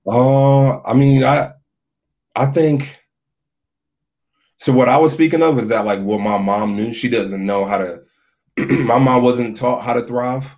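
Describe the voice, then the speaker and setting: A man's voice: mid-range voice, unhurried, pauses often. A man, a youth minister, telling his story in a casual podcast chat, loose and full of filler words. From Philadelphia area. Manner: relaxed storytelling, frequent "like" fillers.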